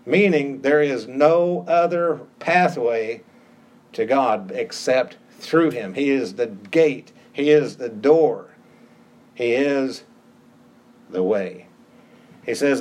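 A man's voice: a little high, lively intonation, slow pace, darkish tone. A middle-aged male pastor preaching a sermon, emphatic and repeating phrases for stress.

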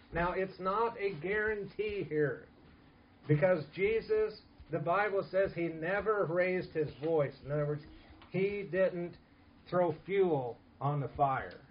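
A man preaching a sermon in an earnest, emphatic way, dropping to soft asides. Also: a little high, muffled recording, slight background noise. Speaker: pastor.

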